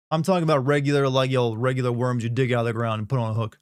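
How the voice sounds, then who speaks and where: A man's voice: medium pitch, steady tone, quick pace, smooth, no echo, studio quality. A middle-aged man from the Southern United States chatting casually on a live stream, rambling, joking and reading chat aloud.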